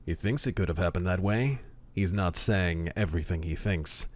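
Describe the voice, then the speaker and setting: Deep-voiced gruff male audiobook narrator. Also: normal speed, no echo. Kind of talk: hard-boiled first-person audiobook narration.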